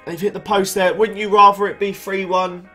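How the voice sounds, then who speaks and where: Playing a football management game, a young YouTuber chats through the action in a high-pitched, sharp voice that barely changes pitch. He talks at normal speed over soft background music, reacting to match events and yawning from tiredness.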